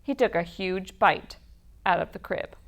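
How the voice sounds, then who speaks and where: A woman reading a children's picture book aloud at a library storytime, in an expressive storytelling manner. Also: fairly low pitch, a little slow, gravelly, dull audio.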